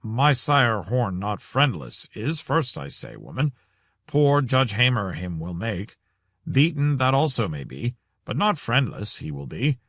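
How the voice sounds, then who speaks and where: A man's voice: fairly low pitch, big pitch swings, unhurried, a bit bright, dry recording, heavily acted. A man reading an audiobook, voicing a portly, breathless older innkeeper who gasps and speaks in inverted word order. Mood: gasping. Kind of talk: audiobook character voice.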